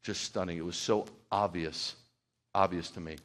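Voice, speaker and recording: Heartfelt middle-aged pastor preaching. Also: male voice, sits low, steady tone, normal speed, fairly bright tone. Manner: heartfelt, rambling, builds to fervent preaching. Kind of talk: sermon.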